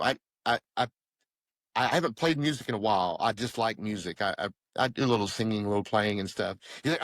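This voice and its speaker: A man's voice: quick pace, dry recording. A middle-aged man, telling his faith story earnestly as a podcast guest and acting out the dialogue he recalls. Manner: earnest storytelling, acting out quoted dialogue with lively pitch jumps. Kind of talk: personal testimony in conversation.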